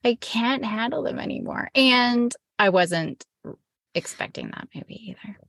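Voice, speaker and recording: A woman's voice: on the high side, expressive, a little slow, vocal fry, a bit bright, dry recording. A middle-aged woman co-hosting a family podcast, telling stories in a rambling, self-correcting way. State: recovering from illness. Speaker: podcast co-host. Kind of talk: casual chat.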